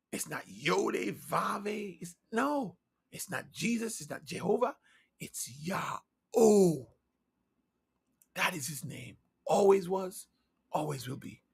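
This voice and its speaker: Guy preaching a sermon, high gravelly voice, fired up, keeps asking questions and drops to a whisper sometimes. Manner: fervent and insistent, with repeated rhetorical questions; swings between loud emphasis and hushed near-whispers.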